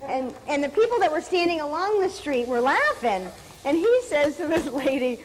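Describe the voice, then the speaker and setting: A middle-aged woman with a high voice that swings up and down as she jokes around on a cooking show. She teases her co-host with quick comebacks. The recording from the TV studio carries a steady hiss of noise. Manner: playful, teasing, quick comebacks. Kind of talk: comic banter while cooking. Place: TV studio kitchen with live audience.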